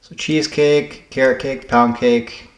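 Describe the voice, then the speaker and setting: A man thinking aloud as he solves word puzzles, halting and correcting himself as he goes. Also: mid-range voice, fairly even intonation, roomy sound. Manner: muttering, halting, self-correcting. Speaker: puzzle game vlogger.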